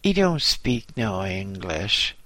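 A man's voice: lowish voice, big pitch swings, takes it slowly, bright, forceful tone, no echo, heavily acted. A man voicing a bored, curt London office woman. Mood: weary. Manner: curt, weary, dismissive.

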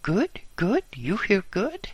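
A man reading a story, voicing an excitable French mechanic who shouts in clipped broken English. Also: medium pitch, takes it slowly, husky, no echo, exaggerated voice. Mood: excited shouting.

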